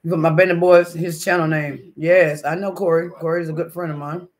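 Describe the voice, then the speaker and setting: A man's voice: on the high side, flat delivery, fairly quick. A man hosting a casual live stream, chatting and reading the chat aloud as he eats breakfast, laughing often. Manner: laughs often, with sudden loud outbursts.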